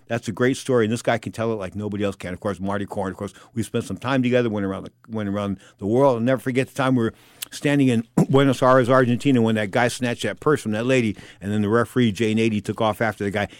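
A man hosting a boxing radio talk show, hoarse as his voice gives out, rambling with repeated stock phrases. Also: medium pitch, dry recording, studio quality. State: hoarse, voice giving out.

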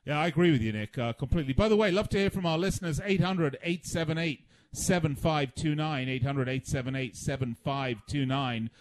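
A man hosting a radio soccer talk show, brisk and inviting listeners to call in. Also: on the high side. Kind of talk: casual radio sports talk.

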